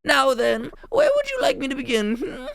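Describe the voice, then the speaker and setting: A woman's voice: sits high, wildly swooping pitch, moderate pace, creaky, a bit bright, heavily acted. A woman voicing a pompous, theatrical male adventurer who tells grandiose tales in a melodramatic way. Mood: flustered.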